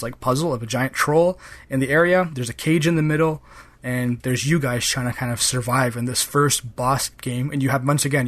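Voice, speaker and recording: A man's voice: mid-range voice, a bit bright. A man hosting a podcast, chatting casually about a game, his talk loose and full of fillers. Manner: rambling, full of "kind of" and "like" fillers. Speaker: podcast host. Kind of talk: casual chat.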